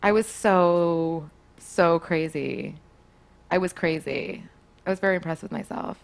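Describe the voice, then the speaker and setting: A young woman telling a story in casual chat, animated and often laughing, acting out quotes in a higher voice. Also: measured pace, creaky.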